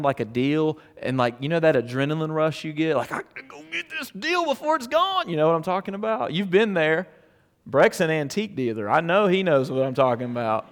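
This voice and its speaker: A man preaching a sermon in a conversational, storytelling way, with loud emphatic peaks that drop to hushed near-whispers. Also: fairly high pitch, in a large hall. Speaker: pastor.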